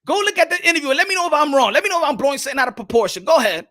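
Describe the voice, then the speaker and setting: A young man hosting a boxing talk stream, animated and swearing freely as he reads the chat. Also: very high voice, very fast. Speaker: boxing commentator host.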